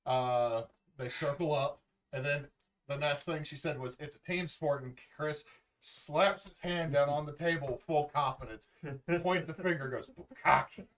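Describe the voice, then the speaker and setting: A man's voice: on the high side, a little slow. Male player, wisecracking, casual table talk, distant mic.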